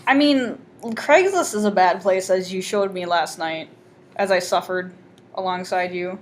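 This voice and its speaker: Young midwestern woman cohosting a podcast, dry deadpan humor, bit of hiss behind. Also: on the low side, measured pace. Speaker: podcast co-host. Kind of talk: casual comedic chat.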